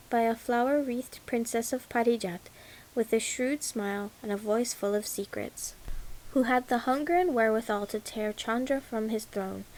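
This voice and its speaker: A woman reads a novel aloud at an even, unhurried pace. Her voice sits a little high and has a gravelly edge. A faint hiss runs under the recording. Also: low-quality recording. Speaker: audiobook reader. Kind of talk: audiobook narration.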